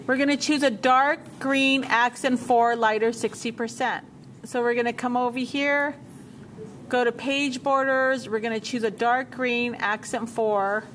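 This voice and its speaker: A woman teacher walking a class through a software task step by step, repeating menu names as she checks her work. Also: on the high side, fairly even intonation, measured pace, slight background noise. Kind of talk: software tutorial walkthrough.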